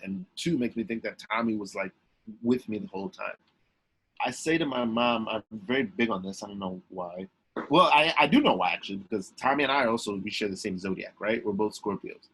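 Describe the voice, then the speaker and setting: A young man telling a story as a podcast guest, emphatic and lively, with many restarts. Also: mid-range voice, breathy edge, poor audio. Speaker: guest, actor and comedian. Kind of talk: animated storytelling in a podcast interview.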